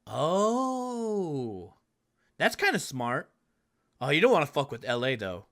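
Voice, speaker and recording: A man voicing a wary, weary sibling who speaks haltingly and quietly. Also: on the high side, huge pitch swings, full character voice. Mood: uneasy. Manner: halting, hushed, uncertain.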